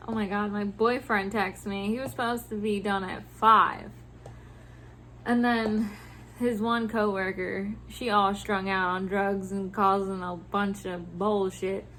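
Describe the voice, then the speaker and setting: Bright-voiced woman venting, swearing freely. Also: medium pitch, a little hiss or hum. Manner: animated, profane storytelling; laughs often. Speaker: vlogger. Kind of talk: casual venting about work over a drink.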